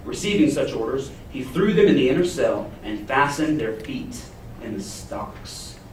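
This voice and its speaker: A man preaching a sermon, retelling a Bible story and acting out its characters' panic with lively emphasis. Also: medium pitch, normal speed, slight background noise. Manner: expressive, acts out the jailer's panic in a paraphrase. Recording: echoey room, heard from a distance.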